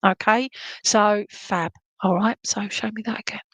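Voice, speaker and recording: A woman giving live psychic readings to viewers, chatty and animated, humming tunes and relaying messages as she goes. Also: mid-range voice, moderate pace, no echo.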